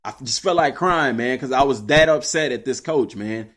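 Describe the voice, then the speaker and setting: A man's voice: mid-range voice, normal speed. A young man from Texas, telling a personal story casually to his listeners. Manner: animated, addresses listeners as y'all. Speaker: podcast host.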